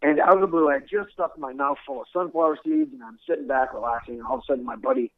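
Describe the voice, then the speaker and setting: A man's voice: medium pitch, steady tone, quick pace, no echo, narrow, tinny audio. A man being interviewed about his military career, speaking earnestly and often restarting his words. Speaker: guest, former military instructor. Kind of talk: conversational storytelling interview.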